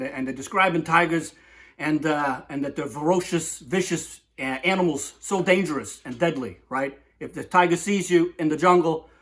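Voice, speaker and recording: Rambling man with a slightly high voice. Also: a bit bright. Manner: rambling, digressive, lots of "right?". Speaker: comic poetry host. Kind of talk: rambling comic monologue.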